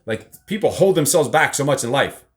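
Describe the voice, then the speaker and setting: A man's voice: medium pitch, expressive, normal speed. A middle-aged man hosting a casual live show, rambling and teasing, with casual swearing. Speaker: podcast host. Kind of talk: casual live-stream chat.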